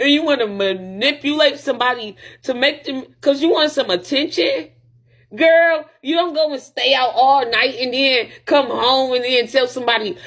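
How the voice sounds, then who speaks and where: A woman's voice: high voice, normal speed, a bit bright. A young woman on a livestream, venting in a heated, profane rant and sounding upset, close to tears.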